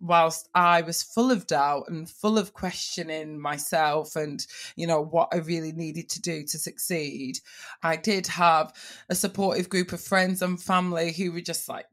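Speaking low and unhurried, a Northern English woman who works as a TV presenter recounts her own story with animation, her voice leaping for quoted speech.

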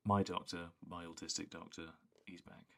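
Low-voiced man co-hosting a podcast. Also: level tone, normal speed, vocal fry. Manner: rambling, enthusiastic, full of "like" fillers. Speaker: podcast co-host. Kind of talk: casual chat.

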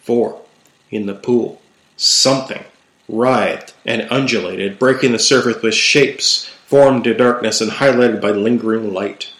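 A young man narrating a first-person horror fantasy story in a measured, dramatic storytelling manner. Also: on the low side, a bit bright. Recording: roomy echo.

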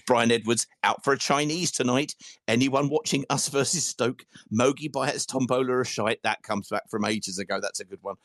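A man's voice: medium pitch, normal speed, fairly bright tone, dry recording, clean studio sound. A man hosting a football fan phone-in, chatty and self-mocking, reading out listener messages with sweary banter. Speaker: fan podcast host. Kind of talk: casual football phone-in chat.

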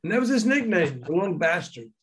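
An older man recounts old stories in a relaxed interview, chuckling as he goes. His pitch swings lively up and down as he acts out what people said. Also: fast, husky. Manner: animated anecdotes, acting out quoted dialogue; chuckles while telling. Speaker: guest, former record promotion man. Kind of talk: casual storytelling interview.

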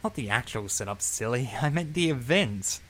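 A man voicing a cheerful old male steam engine in a storybook reading, talking in brisk, chatty bursts. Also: medium pitch, lively intonation, a bit bright, slight background noise, close to an everyday voice.

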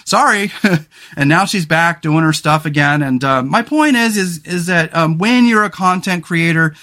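A man's voice: on the high side, normal speed, bright, forceful tone. A man hosting a solo podcast in casual talk, rambling and frank, with many fillers and restarts. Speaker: podcast host.

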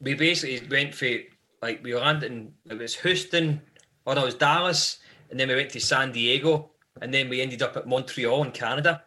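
A man's voice: medium pitch, moderate pace, pushed and bright. A Scottish man, a guest in a live podcast interview, telling long rambling anecdotes about life on the road. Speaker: band member guest.

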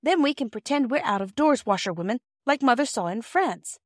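A woman voicing an eager, playful young girl in a storybook reading, with a high, bubbly tone. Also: lively intonation, fairly quick, no room sound, clean studio sound, close to an everyday voice.

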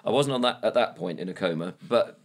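Halting low-voiced man telling a story. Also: animated. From Scotland. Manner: rambling anecdotal storytelling, halting restarts. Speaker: podcast co-host. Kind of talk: casual chat.

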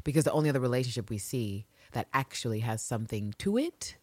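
A woman co-hosting a casual recap podcast, talking in an animated, sarcastic, profane way into a studio mic. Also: a bass voice, quick pace, husky, no room sound. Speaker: podcast co-host.

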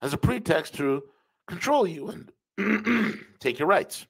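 Slow and animated, this man's high voice is creaky, a bit bright, and edged with breathiness, and the recording is low quality. As a podcast host he gives opinionated commentary with emphatic repetition, addressing listeners as "folks."

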